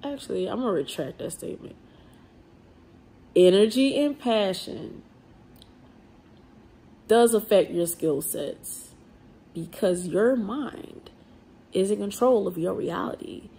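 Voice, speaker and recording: A woman, speaking to camera in a blunt, emphatic vlog rant. Her voice has a gravelly edge and a husky grain. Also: mid-range voice, lively intonation, slow, pauses often, dark tone. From New Orleans. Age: 30s. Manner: blunt and emphatic, with swearing and slang. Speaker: vlogger.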